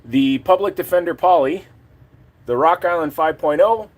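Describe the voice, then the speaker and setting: A man's voice: fairly high pitch, moderate pace. A man hosting a casual live stream, joking crudely and swearing as he shows off his collection and talks to chat.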